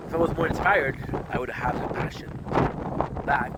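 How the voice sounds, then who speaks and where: A man's voice: mid-range voice, moderate pace. Frustrated vlogger man, heavy wind noise. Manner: frustrated, searching, repeats himself. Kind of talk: rambling vlog monologue to camera. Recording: loud wind and boat noise outdoors.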